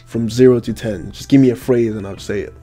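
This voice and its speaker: A man's voice: mid-range voice, steady tone, a little fast, warm tone, faint music behind. A man with an African accent hosting a casual podcast chat, rambling and repeating his phrases. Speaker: podcast host.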